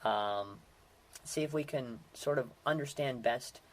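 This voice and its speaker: A man's voice: medium pitch, a little slow. A man, hosting a casual solo talk and rambling with many fillers and restarts. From Western Pennsylvania. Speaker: podcast host.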